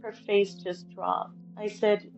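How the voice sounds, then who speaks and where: A middle-aged woman speaks as an interview guest, telling an emotional family story and quoting the people in it. Her voice has a gravelly, creaky edge. The sound is muffled and lo-fi, with soft music underneath. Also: medium pitch, flat delivery, slow. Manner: emotional, retells conversations by quoting them.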